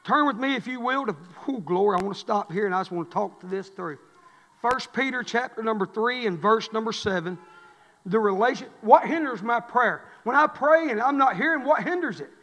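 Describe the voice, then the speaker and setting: A middle-aged man, a pastor preaching a sermon, swinging between fervent, rising exhortation and quiet storytelling. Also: very high voice, lively intonation, a little fast, long reverb tail. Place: church.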